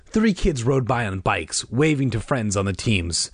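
A man's voice: mid-range voice, sing-song, a little slow, husky, dry recording, clean studio sound. A man reading a children's book aloud, tossing in wry asides. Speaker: reader.

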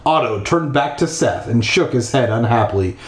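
A man with a mid-range, animated voice reads a spooky children's book at a normal speed from his bathtub. He keeps adding irreverent, crude asides full of swearing, and the bathroom gives the audio an echo.

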